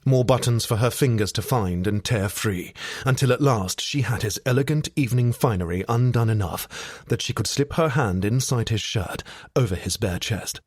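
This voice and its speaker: A man narrating a romance audiobook with steady, sensual storytelling. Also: medium pitch, normal speed, no room sound, clean studio sound.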